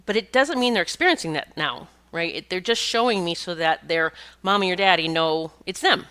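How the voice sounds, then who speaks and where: A woman's voice: fairly low pitch, a little fast, a bit bright. A middle-aged woman hosting a podcast, talking casually in a rambling monologue with many restarts and occasional laughs. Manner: chatty, rambling, restarts often and laughs while telling stories. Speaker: podcast host and pet communicator.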